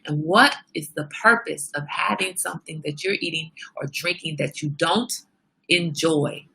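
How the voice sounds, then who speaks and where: A woman's voice: sits low, moderate pace, gravelly, pushed and bright, breathy edge. A woman hosting a casual livestream, chatting straight to her viewers. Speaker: livestream host.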